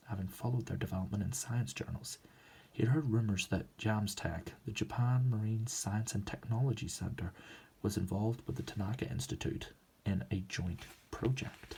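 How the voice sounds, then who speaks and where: A man reading a novel aloud in a soft, relaxed manner as a whispered role-play storyteller. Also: on the low side, normal speed, vocal fry, a little hiss or hum. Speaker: ASMR storyteller.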